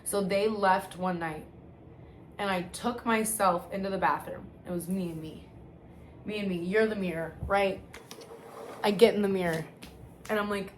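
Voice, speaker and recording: A woman recounts her sobriety testimony to camera in a blunt, rambling way, full of slang, swearing, restarts, and frequent "like." Her mid-range voice moves at a moderate pace with frequent pauses, over a little hiss or hum.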